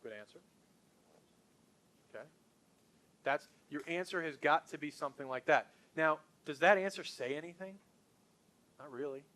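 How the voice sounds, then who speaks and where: A middle-aged man coaching a group on sales, his voice a touch higher than most men's. He talks in an upbeat, punchy, conversational way. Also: moderate pace, pauses often, bright, forceful tone. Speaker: sales trainer. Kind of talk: sales training talk to a group.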